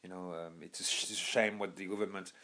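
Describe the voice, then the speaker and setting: A young man from Birmingham with a lowish voice, chatting casually as a podcast host. He rambles, trailing off and restarting with plenty of fillers. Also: fairly even intonation, quick pace, sharp tone. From Birmingham, England. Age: young adult. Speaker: podcast host recommending books. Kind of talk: casual monologue.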